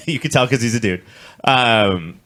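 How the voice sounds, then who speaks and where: A young man with a mid-pitched, bright, forceful voice talks as a podcast co-host. His manner is blunt and salty, and he swears freely while he rants in loose, casual chat. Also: slow. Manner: blunt, profane, and ranting. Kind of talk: casual chat about a TV show.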